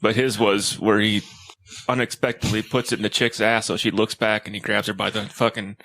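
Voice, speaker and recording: A man's voice: lowish voice, little pitch movement, a little fast, pushed and bright, rough recording. A man in a casual studio podcast chat who tells stories with energy and acts out the quotes.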